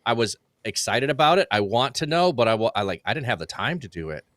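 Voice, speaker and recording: A man's voice: medium pitch, expressive, fast, a bit bright, no echo. A man co-hosting a church livestream, talking enthusiastically in casual chat, rambling and full of "like". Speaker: livestream co-host. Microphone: livestream setup.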